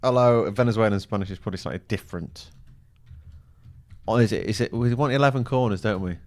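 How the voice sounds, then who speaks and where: A man's voice: lowish voice, fast. A man co-hosting a live football show, chatting casually and reacting to the action as it happens. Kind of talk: live in-play football chat.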